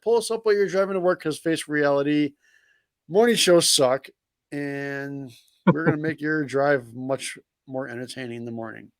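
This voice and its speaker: A man's voice: fairly high pitch, no echo, studio quality. A male co-host on a live web show, joking around and plugging the show like an announcer. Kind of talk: casual live-show chat.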